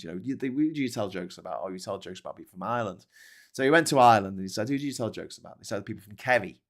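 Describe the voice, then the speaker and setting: A man hosting a casual livestream chat, rambling and ranting, swearing freely and restarting his sentences often. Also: lowish voice. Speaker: show host.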